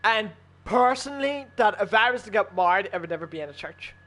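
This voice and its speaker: A man's voice: high voice, lively intonation, a little fast, bright, forceful tone. A man in a casual chat while gaming with friends, arguing heatedly and swearing a lot. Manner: heated, profane, argumentative.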